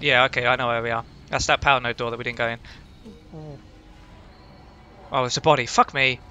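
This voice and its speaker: A man hosting a casual let's-play from home, excitable, jumpy and heavily profane. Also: medium pitch, slight background noise. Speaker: gaming channel host.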